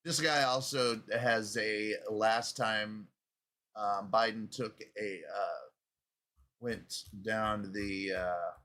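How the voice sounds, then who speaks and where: A man's voice: fairly low pitch, fairly even intonation, slow, sharp tone. A man in his fifties, hosting a comedy show, delivering a crude, profane, rambling rant and laughing at himself. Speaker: show host.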